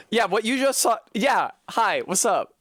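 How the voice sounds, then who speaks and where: A man live-streams from a room at home while gaming, chatting casually with viewers, laughing a lot and swearing freely. His voice sits high with a fairly bright tone. The sound is clean studio quality without echo.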